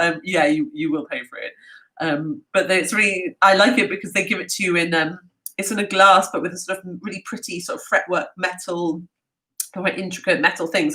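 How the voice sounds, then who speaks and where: A woman's voice: fairly low pitch, fairly bright tone, poor audio. Woman chatting on a live q&a, lots of ums and restarts, pokes fun at herself. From half British. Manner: chatty and self-mocking, with many fillers and restarts. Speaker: travel speaker answering audience questions. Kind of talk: casual live Q&A chat.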